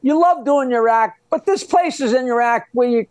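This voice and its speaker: A man's voice: extremely high pitch, moderate pace, darkish tone, no room sound. A man who is a comedian guest on a podcast, trading jokes in casual chat and laughing at his own punchlines.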